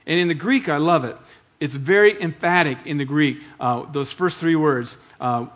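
A man's voice: fairly high pitch, moderate pace, a bit bright. Emphatic male pastor preaching. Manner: emphatic, repeats key phrases, asks the congregation questions. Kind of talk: sermon.

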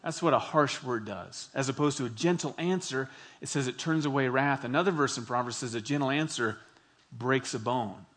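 A middle-aged man preaching a sermon to his congregation, earnest and emphatic, slowing down to stress key phrases. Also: medium pitch, fairly bright tone. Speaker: pastor.

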